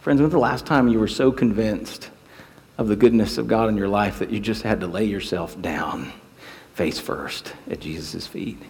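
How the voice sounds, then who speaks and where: A man's voice: fairly low pitch, normal speed, gravelly, long reverb tail. A man preaching a sermon, telling stories and acting out quotes. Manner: animated storytelling with acted quotes. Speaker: pastor.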